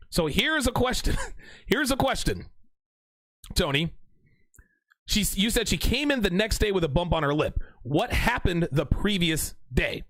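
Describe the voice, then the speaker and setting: Male live-stream host; playful, teasing delivery, pitch swinging all over, very dry mic. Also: expressive, unhurried, long pauses, fairly bright tone, no room sound. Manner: teasing, laughing, mock-courtroom ribbing. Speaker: livestream host reading chat. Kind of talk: casual live-stream banter.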